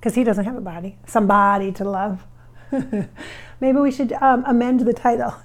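A woman's voice: on the high side, fairly even intonation, normal speed. A woman working as a psychic medium, talking through a channeling session in a chatty, rambling way. She often corrects herself as she goes.

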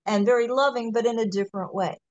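A woman's voice: a little high, fast, a little mellow, no room sound, dull audio. A woman hosting a casual podcast, explaining ideas through everyday comparisons. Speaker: podcast host.

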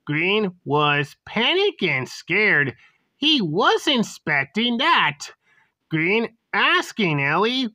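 A woman's voice: on the low side, very animated, slow, pushed and bright, dry recording. A woman narrating a homemade school story in a plain, unpolished way.

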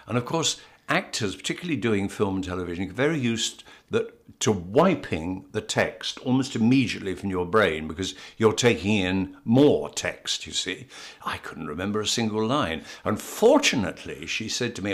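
An older English man, an actor appearing as an interview guest, shares anecdotes in a lowish, animated voice at a moderate pace. He frequently stammers and restarts mid-story and laughs as he goes.

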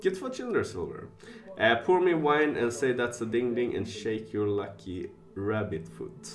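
A man streaming live, thinking aloud, reading chat and getting excitable. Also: on the low side, unhurried. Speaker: casino streamer.

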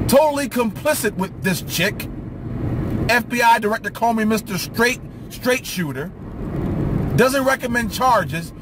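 High-voiced, slow, indignant man ranting. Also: noisy background. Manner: angry, indignant, rhetorical questions. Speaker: political vlogger. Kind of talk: ranting opinion monologue.

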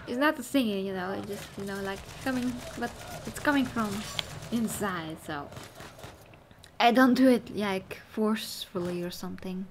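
A woman's voice: medium pitch, normal speed, slight background noise. A woman giving casual gameplay commentary, chatting to herself and exclaiming at the game. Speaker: gaming channel host.

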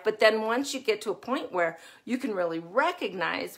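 A woman's voice: medium pitch, expressive, normal speed, few pauses. Chatty middle-aged woman parenting coach. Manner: chatty, laughs often, acts out her own yelling. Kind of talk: live-stream talk.

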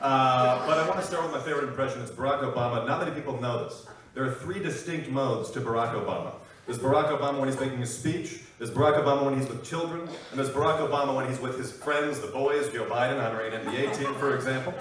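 A young man doing a stand-up comedy set, with quick, self-deprecating patter between impressions. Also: medium pitch. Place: live comedy show venue. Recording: echoey room, distant mic, loud crowd.

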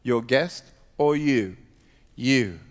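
A man's voice: medium pitch, animated, drawn-out words. Emphatic man preaching in a reverberant hall. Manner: emphatic, preaching with rising intensity. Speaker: guest speaker. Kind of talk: sermon. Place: church.

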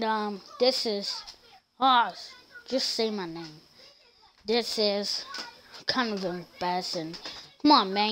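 A woman doing a lowered goofy superhero-actor voice. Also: bright, forceful tone, slight background noise. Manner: awkward, hesitant, lowered voice.

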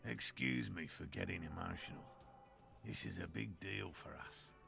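A gravelly, earnest cryptozoologist. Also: male voice, deep voice, normal speed, over music. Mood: moved. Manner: formal, eager, defensive. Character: earnest middle-aged male cryptozoologist, proud and emotional. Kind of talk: video game voice acting.

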